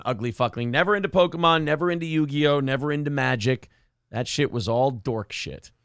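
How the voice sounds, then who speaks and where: Male host, gravelly, crude and self-mocking, dry close sound. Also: mid-range voice, fairly bright tone, dry recording. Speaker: morning show host reading live chat. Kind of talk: casual profane chat.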